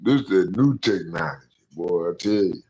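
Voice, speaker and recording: A young man hosting a casual livestream panel, telling stories in an animated, slangy way. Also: deep voice, moderate pace. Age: young adult. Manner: animated ranting storyteller, slangy. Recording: echoey, dull lo-fi audio.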